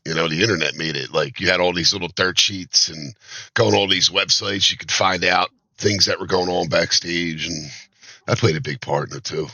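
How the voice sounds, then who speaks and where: A man's voice: deep voice, steady tone, moderate pace, pushed and bright, dry recording, rough recording. A man adding to a casual podcast conversation in easy, fan-style chatter.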